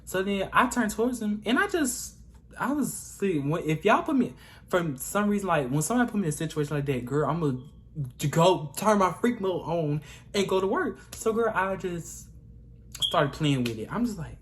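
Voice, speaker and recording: A man's voice: high-pitched, sing-song, normal speed. A young man telling a casual storytime vlog in a chatty, gossipy way, often calling the listener "girl". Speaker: vlogger.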